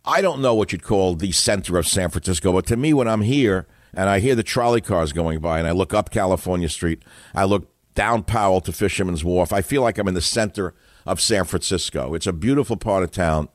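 A man's voice: sits low, fairly quick, dry recording, studio quality. An older man hosting a talk show, rambling through opinionated asides and stories in a casual monologue. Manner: opinionated, digressive, scornful asides. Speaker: radio talk show host.

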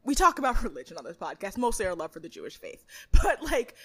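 A woman's voice: medium pitch, fast talker, husky. A young woman co-hosting a podcast, chatting casually, laughing, ranting and swearing as she recaps a reality show. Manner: animated, swears, laughs, rants, mimics voices. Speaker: podcast co-host.

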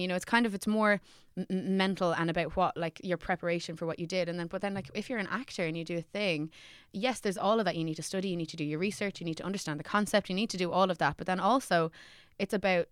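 A woman's voice: lowish voice, fast, few pauses, clean tone, no echo, clean studio sound. A young woman, an actor, chatting candidly on a podcast, swearing freely and laughing as she talks. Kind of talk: casual chat.

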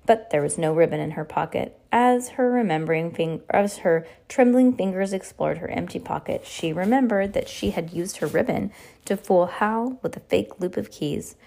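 Reading a novel aloud, a woman stumbles frequently and keeps correcting herself. Her voice is lowish, gravelly and warm, at a moderate pace.

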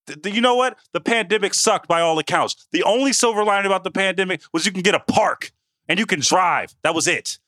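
A man from the Bay Area co-hosting a sports podcast, ranting in an animated way and repeating himself for emphasis. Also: sits high, fairly quick, no room sound. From San Francisco Bay Area. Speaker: podcast co-host. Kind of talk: casual sports podcast chat.

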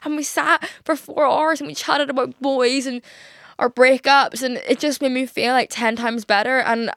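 A woman's voice: on the high side, a bit bright, no room sound. Rambling young woman, dry close sound. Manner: rambling, filler-heavy, swears casually. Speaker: podcast host. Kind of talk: casual confessional chat.

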